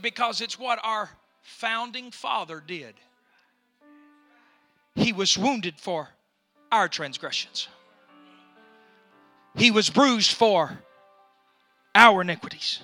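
A male pastor preaching a fiery sermon, shouting often and filling nearly every pause with "uh". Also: very high voice, dry recording, soft background music. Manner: fiery preaching with constant "uh" fillers.

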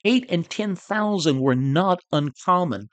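A man's voice: high voice, expressive, a little slow, no room sound. Earnest man teaching church history. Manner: earnest, repeats words when emphatic. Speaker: host. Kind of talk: preacher-style history teaching.

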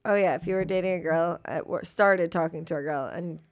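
A woman's voice: on the low side, fairly quick, no room sound, clean studio sound. Giggly young woman in casual podcast chat. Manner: giggly, laid-back, lots of fillers. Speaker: podcast co-host.

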